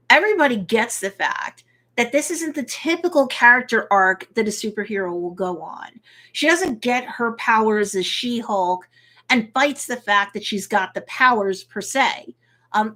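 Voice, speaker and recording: Woman, somewhat high voice, casual live-stream reaction, chatty, lots of fillers. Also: fairly bright tone. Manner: chatty recaps with many fillers; briefly acts out quotes. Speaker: attorney hosting a reaction show.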